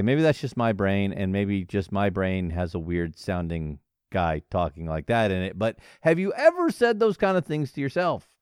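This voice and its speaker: Animated, jokey male podcast host. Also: fairly low pitch, no echo, studio quality. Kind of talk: casual solo podcast monologue.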